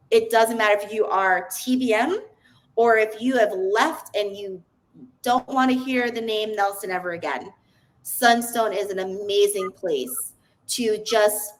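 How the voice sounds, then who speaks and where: A woman's voice: medium pitch, fairly bright tone, low-quality recording. A woman, a podcast guest, telling her personal story in an earnest, open way, often restarting her sentences.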